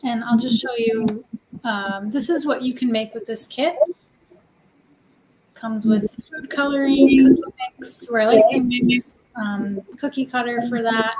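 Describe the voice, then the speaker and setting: A woman calmly explaining a cookie decorating kit on a casual livestream. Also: fairly high pitch, poor audio. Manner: unhurried, explaining step by step. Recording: clear background noise with clicks.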